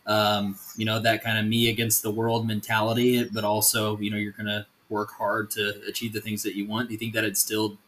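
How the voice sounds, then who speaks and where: A man hosting a podcast, asking relaxed, probing follow-up questions in a casual conversational way. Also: on the low side, a little hiss or hum. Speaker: podcast host. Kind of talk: casual interview chat.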